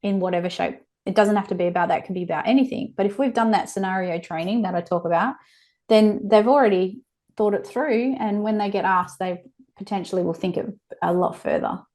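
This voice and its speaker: A woman, speaking candidly as a podcast guest. She tells stories with lively, open animation, her voice sitting in an ordinary middle register. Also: mid-range voice, brisk. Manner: frank, animated storyteller. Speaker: guest, child abuse prevention educator.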